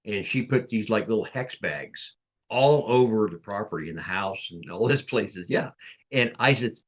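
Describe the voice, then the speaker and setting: A man in a middle-pitched voice tells his story in a loose, rambling way, often stumbling over and repeating his words. He talks over a video call as a podcast guest, in a casual chat. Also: animated, normal speed, highs cut off.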